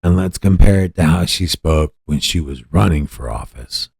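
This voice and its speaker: Profane ranting man, very deep voice. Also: animated, moderate pace, creaky, breathy edge, no echo, studio quality. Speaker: podcast host. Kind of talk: profane political commentary.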